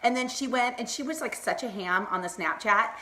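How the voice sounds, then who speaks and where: A woman's voice: a little high, a little fast, sharp tone. A middle-aged woman chatting on a live stream, bubbly and rambling, laughing often and talking to her viewers by name. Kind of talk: casual Facebook Live chat.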